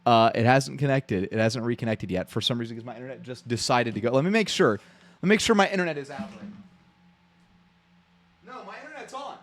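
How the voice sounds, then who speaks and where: A man's voice: mid-range voice, animated, brisk, long pauses. Rambling, profane man streaming at home. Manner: rambling, profane, repeats himself when worked up. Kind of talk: casual live-stream reaction.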